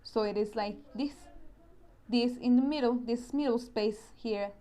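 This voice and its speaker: A woman's voice: on the high side, a little slow, dark tone. Woman science teacher with a Spanish accent. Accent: Spanish-speaking. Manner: explains step by step, often repeats and restarts words. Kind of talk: recorded online science lesson.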